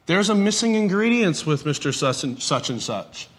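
Man, high-pitched, Bible class teacher, conversational, light humor. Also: very animated, moderate pace. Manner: conversational, asks the audience questions, light humor.

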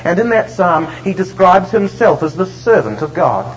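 A man preaching a sermon, emphatic and slowing down to stress the scripture he reads. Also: high-pitched, sing-song, a little hiss or hum. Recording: dull lo-fi recording.

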